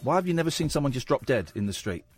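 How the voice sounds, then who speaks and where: Lively, excitable radio host. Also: male voice, mid-range voice, racing, husky, faint music behind. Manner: playful, excitable, jokey. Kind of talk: late-night radio chat. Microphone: studio microphone.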